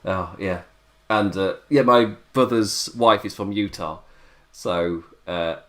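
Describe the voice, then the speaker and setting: A man's voice: on the low side, slow pace, fairly bright tone. An English man hosting a wrestling review podcast, talking casually and laughing often. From England. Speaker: podcast host.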